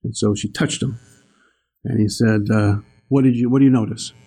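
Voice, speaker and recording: Older male speaker, gravelly low-key voice, rambling storyteller giving a morning talk. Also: steady tone, moderate pace. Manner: rambling, warm storytelling with laughs. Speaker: spiritual teacher.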